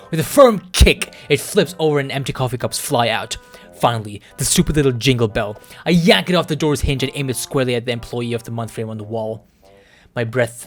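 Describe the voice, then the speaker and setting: A man streaming a story game, reading it aloud with dramatic, jokey reactions and frequent laughs. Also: mid-range voice.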